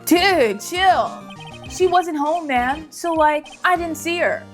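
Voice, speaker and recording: A dim young guy on trial, put on by a woman, with a slacker drawl and no worries. The voice is high and bounces around. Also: lively intonation, takes it slowly, faint music behind, heavily acted. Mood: defensive. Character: dim laid-back young man defendant.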